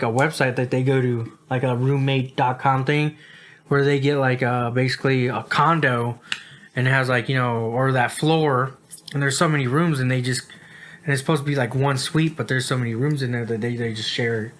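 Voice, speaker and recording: A man's voice: medium pitch, fairly even intonation, moderate pace, a bit bright. A man from the United States co-hosts a laid-back podcast. He sounds worn out and yawny. His talk wanders and is padded with fillers. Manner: rambling, filler-heavy, says "like" and "dude" a lot. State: tired, yawning. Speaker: podcast co-host. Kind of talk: casual chat.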